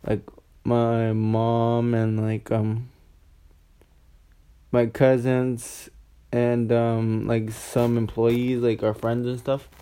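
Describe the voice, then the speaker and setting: A man's voice: medium pitch, completely flat delivery, drawn-out words, warm tone, clear, resonant tone. Rambling, profane eighteen-year-old guy. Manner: rambling, profane, full of "like" and restarts. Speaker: storyteller. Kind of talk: casual storytime monologue.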